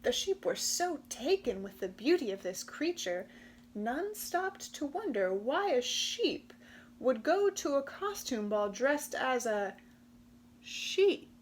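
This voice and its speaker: A woman reading a children's picture book aloud with expressive, animated storytelling. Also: high-pitched, slow pace, a little hiss or hum. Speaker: storybook reader.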